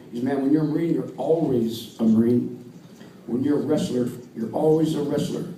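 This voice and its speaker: A man's voice: mid-range voice, a little fast, warm tone. An older American man, a wrestling coach, giving an earnest induction speech at an awards dinner, repeating his points for emphasis. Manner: earnest, storytelling, emphatic repetition. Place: banquet hall with audience. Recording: distant, echoey hall with faint room noise.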